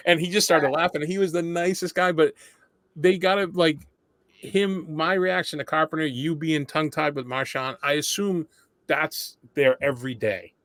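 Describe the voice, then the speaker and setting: A man's voice: a little high, steady tone, moderate pace, a bit bright, no echo, studio quality. A man hosting a podcast, chatting casually and telling self-deprecating stories. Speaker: podcast host. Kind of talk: casual interview chat.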